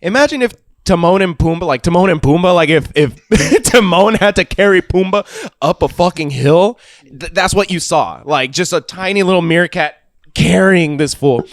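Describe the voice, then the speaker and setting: A young man hosting a podcast, telling a rowdy story in a profane, animated way and laughing as he goes. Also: sits high, normal speed, dry recording, clean studio sound. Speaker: podcast host. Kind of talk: casual storytelling chat.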